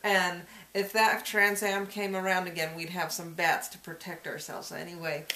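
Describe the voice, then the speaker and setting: A woman's voice: on the low side, little pitch movement, moderate pace, bright, forceful tone, a little hiss or hum. A woman telling a personal story in a folklore interview, chuckling often as she goes. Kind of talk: casual personal anecdote. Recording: echoey room.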